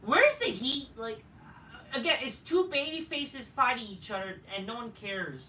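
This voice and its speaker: A man rants through a wrestling review, profane and dismissive, stumbling over restarts. His voice is bright and forceful. The sound is roomy, with the mic set a little away from him and faint noise underneath. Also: extremely high pitch, lively intonation, moderate pace, far from the mic.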